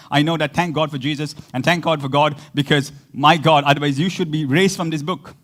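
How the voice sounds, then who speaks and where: A man's voice: a little high, steady tone, fairly quick, hardly any pauses, fairly bright tone. Chatty man preaching a sermon. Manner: conversational, laughs often, acts out quotes. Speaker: pastor.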